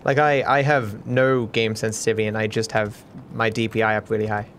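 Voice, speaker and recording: A man's voice: lowish voice, level tone, brisk, fairly bright tone, a little hiss or hum. A man from Australia with a cultivated Australian accent, the podcast host, chatting casually and often restarting his sentences. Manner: rambling, with frequent restarts. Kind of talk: casual chat.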